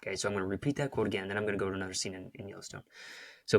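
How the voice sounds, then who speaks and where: A man's voice: low voice, level tone, very fast, vocal fry, no room sound, studio quality. A man hosting a podcast, giving a rambling motivational talk and retelling scenes with emphasis. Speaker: podcast host and coach.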